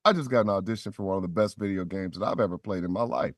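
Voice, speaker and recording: Man, middle-aged, low voice, lively storytelling, dry close sound. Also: rapid-fire, no room sound. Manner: animated, acts out quoted voices. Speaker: voice actor guest. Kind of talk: storytelling in a podcast interview.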